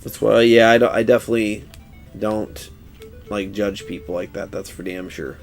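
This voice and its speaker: This is a man in his thirties chatting on a game stream. His voice sits on the low side, and he rambles in a laid-back way, cursing casually and laughing often as he talks. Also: fairly even intonation, moderate pace, faint music behind. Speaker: gaming streamer. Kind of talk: casual live-stream chat while playing.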